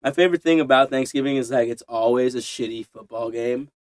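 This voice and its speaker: A man's voice: mid-range voice, fast, dry recording, studio quality. A young man co-hosting a casual podcast, rambling and swearing, often acting out quotes in silly voices. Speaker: podcast co-host. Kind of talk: casual crude chat.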